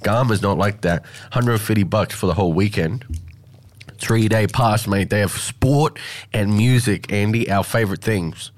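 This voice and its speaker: Australian man, lower pitch, relaxed joking co-host. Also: normal speed. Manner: laid-back, joking banter. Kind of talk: casual chat.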